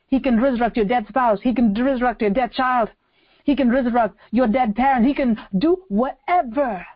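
Female preacher, high register, insistent sermon delivery with repetition and rhetorical questions, muffled recording. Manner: emphatic, repeats phrases and asks rhetorical questions.

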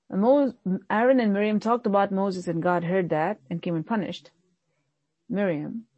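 A woman pastor delivering a sermon in an earnest preaching manner, often dropping low and soft to stress a point. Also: slightly rough, no echo.

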